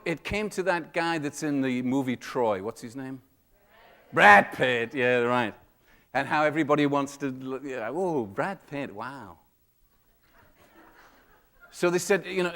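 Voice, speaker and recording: In a reverberant hall, a male keynote speaker tells comedic stories to a live audience. He animatedly impersonates customers and staff, making big leaps in his voice.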